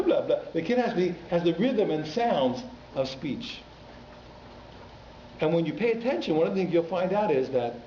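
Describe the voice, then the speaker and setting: This rabbi's voice sits a little high and has a warm tone as he talks through an informal Torah class with his congregation, conversational and full of teasing remarks to the crowd. The synagogue hall gives the recording an echo and a slightly muffled quality, plus slight background noise.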